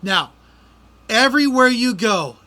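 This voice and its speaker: High, bright-voiced man ranting. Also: lively intonation, measured pace. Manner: exasperated, ranting complaints. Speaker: podcast host. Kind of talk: casual podcast monologue.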